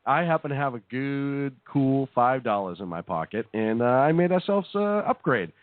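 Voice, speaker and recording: A man's voice: medium pitch, lively intonation, moderate pace, dry recording. A man co-hosting a talk radio show, chatting casually, joking and laughing often between hesitant restarts. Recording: tinny phone-like sound, dry.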